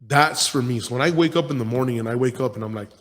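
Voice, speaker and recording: A man's voice: medium pitch, fast talker. A man in his forties with a mid-range voice delivers a rambling motivational monologue as a podcast host. He talks bluntly and intensely, swearing freely as he circles back over his points. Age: 40s. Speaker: podcast host and gym owner.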